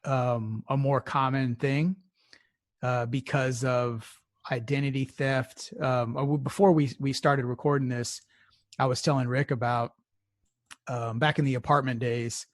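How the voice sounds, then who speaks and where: A man's voice: medium pitch, fairly even intonation, unhurried, no echo, clean studio sound. A man from the Houston area co-hosting a podcast, telling rambling stories in casual, profane chat with frequent laughs. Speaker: podcast co-host.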